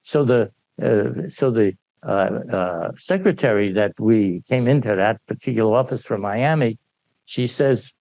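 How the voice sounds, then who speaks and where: An older man sharing memories with an audience in animated anecdotal storytelling, often laughing and acting out the dialogue. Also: lowish voice, unhurried, vocal fry, dry recording. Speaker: speaker sharing memories at a gathering. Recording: dull, dry lo-fi recording.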